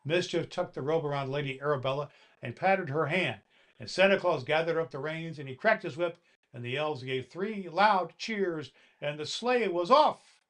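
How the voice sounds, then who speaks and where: A man in a Santa Claus role, gently reading a children's story aloud and talking to the boys and girls listening. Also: fairly high pitch, normal speed.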